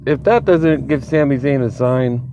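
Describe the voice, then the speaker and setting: A man hosting his own channel, chatting excitedly in a casual solo commentary, laughing often and swearing freely, amped up on an energy drink. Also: mid-range voice, a little slow, lo-fi sound, slight background noise. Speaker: wrestling commentary channel host.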